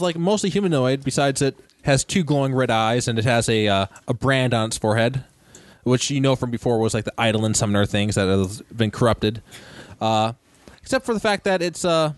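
A man at a mid pitch runs a tabletop game for his friends. He describes the scene haltingly, with many fillers and restarts. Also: no room sound. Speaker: game master.

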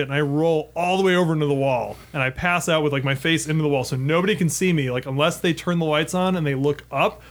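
A man's voice: a little high, a bit bright. Laid-back man, swearing casually. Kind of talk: casual storytelling chat.

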